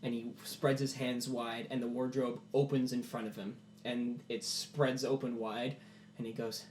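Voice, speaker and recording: A man runs a tabletop game, narrating scenes with animated, casual storytelling. His voice sits at an average pitch. The recording is roomy, with a faint hum behind him. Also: measured pace. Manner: animated storytelling, many "like" fillers. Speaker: game master.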